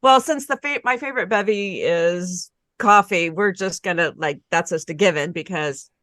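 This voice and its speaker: A woman's voice: lowish voice, normal speed, fairly bright tone, no echo. A woman casually introducing herself on a podcast, rambling and laughing at herself. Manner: rambling, self-deprecating, laughing often. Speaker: podcast guest player.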